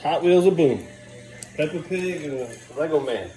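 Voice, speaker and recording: A man's voice: fairly high pitch, animated, a little slow, dark tone, faint music behind. A man filming a casual family vlog at home, coaxing and bantering with his small children. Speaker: father vlogging his day with his sons.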